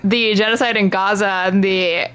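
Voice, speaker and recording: A woman's voice: mid-range voice, fairly even intonation, moderate pace, a bit bright. A woman streamer reacting live to a debate video, with sardonic, dry commentary.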